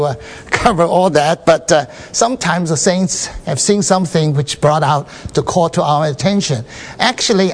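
A man giving an informal Bible sharing at a church meeting, talking haltingly with many fillers and restarts and often checking that his listeners understand. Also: on the high side.

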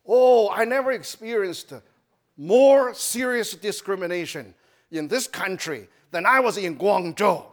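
A man's voice: high voice, unhurried. A middle-aged man from China with a Chinese accent, giving a testimony sermon in broken English with many restarts. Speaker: church speaker.

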